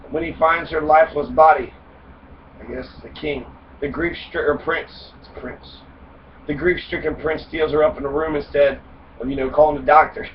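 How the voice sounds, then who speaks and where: A man casually retelling a fairy tale for comedy, rambling, swearing and cracking jokes. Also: a little high. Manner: profane, wisecracking, rambling with fillers. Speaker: podcast host retelling fairy tales. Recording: distant mic, dull lo-fi sound, faint noise.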